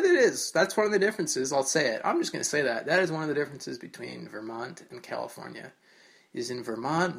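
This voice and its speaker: A man's voice: mid-range voice, gravelly, a bit bright. A man hosting his own podcast, rambling casually and self-mockingly through a solo intro with loose swearing. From New Jersey. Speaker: podcast host.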